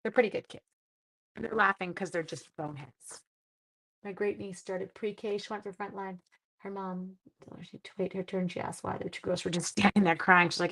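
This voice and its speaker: Middle-aged woman, craft livestream host, chatty and self-deprecating, a bit of vocal fry, mid-range pitch. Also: moderate pace. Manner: chatty, self-deprecating, greets viewers by name. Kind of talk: casual livestream crafting demo.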